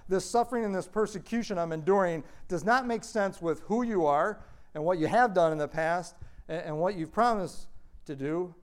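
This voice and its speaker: Lively, slightly high-voiced male Bible teacher. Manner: animated, acts out quoted speech with big pitch swings; conversational, many fillers.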